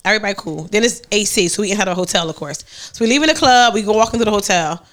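A young adult woman hosting a podcast, telling a story in casual chat, animated and full of profanity. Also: mid-range voice, very fast. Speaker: podcast host.

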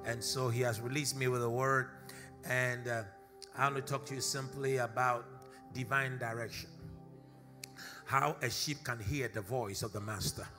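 At a church service, a man preaches a sermon, leads a prayer, repeats key phrases for emphasis and calls on the congregation to answer back. His mid-range voice is pushed and bright, fairly even in intonation at a moderate pace, with faint music behind him.

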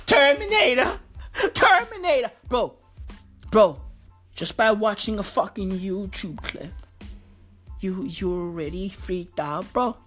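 A woman's voice: mid-range voice, slow pace, long pauses, husky, soft background music. A woman delivering a profane, mocking comedy rant full of slang.

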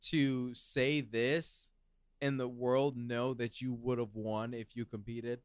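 A man's voice: mid-range voice, level tone, takes it slowly, clean tone, dry recording, clean studio sound. A man co-hosting a casual podcast, teasing and cutting in with emphatic remarks. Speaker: podcast co-host. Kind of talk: casual chat.

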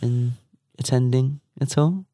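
A young man co-hosting a casual chat, given to animated, mock-exasperated rants. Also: medium pitch, slow, no room sound, clean studio sound.

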